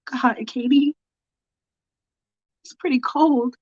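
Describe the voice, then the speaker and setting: A woman's voice: high-pitched, fairly even intonation, takes it slowly, a little mellow, dry recording, highs cut off. A woman voicing a careless teenage girl who stammers apologies in casual slang. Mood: flustered.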